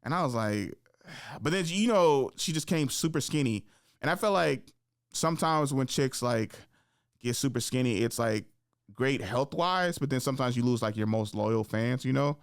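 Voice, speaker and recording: A man's voice: medium pitch, normal speed, no room sound, clean studio sound. A man hosting a podcast in casual chat, telling stories and ranting with lots of laughter. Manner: animated, laughing, worked-up rants; conversational storyteller. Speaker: podcast host.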